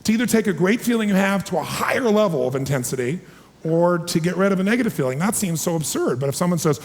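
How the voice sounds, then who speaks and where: A man in his forties giving an energetic, emphatic seminar talk to a live audience, calling for responses. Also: high-pitched, fast. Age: 40s. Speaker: motivational speaker. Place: large hall with a live audience. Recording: long hall reverb.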